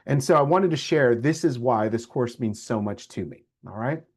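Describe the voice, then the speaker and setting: A man's voice: mid-range voice, normal speed, breathy edge. A middle-aged man, a lecturer telling a personal story to his class and acting out the voices of the people in it. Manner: animated storyteller, acts out quoted voices.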